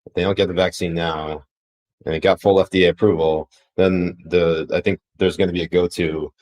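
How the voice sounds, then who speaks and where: A man's voice: sits low, level tone, a little fast, a little mellow, poor audio. A man co-hosting a casual political podcast, blunt and profane, rambling with frequent restarts. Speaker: podcast co-host.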